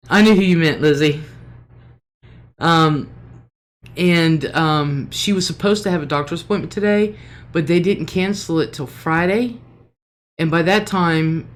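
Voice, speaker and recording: A middle-aged woman hosting a casual livestream, chatty and homey, greeting viewers by name and laughing often. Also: sits low. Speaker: livestream host.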